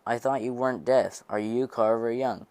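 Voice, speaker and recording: A man reading the lines of a gruff, scornful stooped old man with a nasal tenor, in an amateur audiobook reading. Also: mid-range voice, fairly even intonation, moderate pace, darkish tone, no room sound, natural voice. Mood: gruff scolding. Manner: scolding, mocking.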